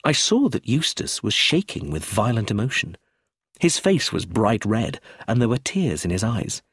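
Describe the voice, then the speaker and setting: Husky male audiobook narrator. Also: fairly low pitch, sing-song, moderate pace, fairly bright tone, no echo, clean studio sound. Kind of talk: scripted story narration.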